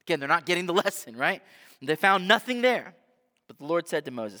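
A man preaching a sermon as pastor, conversational and animated, often asking his listeners rhetorical questions. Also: medium pitch, brisk. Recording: long hall reverb.

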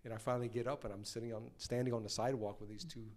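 A former touring band member tells casual stories in a rapid-fire, mid-range voice. He animates his anecdotes by acting out the voices of the people he quotes.

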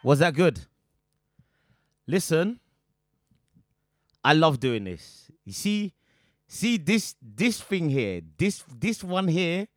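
Brief: upbeat male host, slow but bouncy delivery, dry close sound. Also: fairly high pitch, no echo. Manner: excitable, repeats himself, hypes the listeners. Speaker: podcast host and DJ. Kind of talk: casual chat.

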